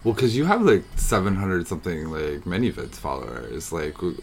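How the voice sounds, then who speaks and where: A man co-hosting a casual podcast chat, agreeable and quick to chime in. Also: low voice, sing-song, slight background noise. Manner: agreeable, frequent backchannels and laughs. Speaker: podcast co-host.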